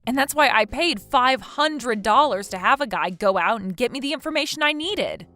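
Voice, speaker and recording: A woman's voice: on the high side, animated, normal speed, bright, forceful tone, no echo, soft background music. A woman voicing a betrayed wife who confronts her cheating friend, accusing and indignant. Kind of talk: text message story dialogue.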